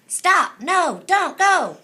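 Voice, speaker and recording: A woman voicing a fast-talking, boastful male squirrel in a storybook reading. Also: very high-pitched, big pitch swings, sharp tone, voice pushed up, full character voice. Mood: excited. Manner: rapid, chirpy, boastful. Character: fast-talking excitable male squirrel, proud nut counter. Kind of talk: storybook read-aloud.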